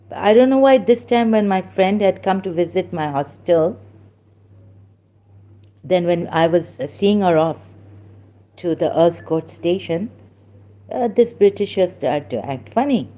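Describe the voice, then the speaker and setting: Slow, soft-spoken woman. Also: mid-range voice. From Pakistan. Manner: halting, with many restarts and fillers; slips into Urdu phrases. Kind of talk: personal storytelling.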